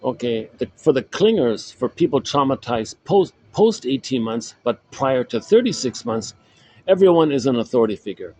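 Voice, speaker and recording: A man's voice: medium pitch, very animated, moderate pace, a little mellow, slight background noise, low-quality recording. A man casually coaching a self-help group, rambling and repeating himself as he explains an exercise. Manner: rambling, repeats words and restarts phrases.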